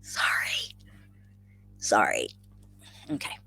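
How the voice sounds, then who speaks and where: A woman's voice: extremely slow, pushed and bright, in a whisper. A woman hosting a casual livestream, effusively greeting viewers by name and chatting through the comments, often repeating her phrases. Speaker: livestream host.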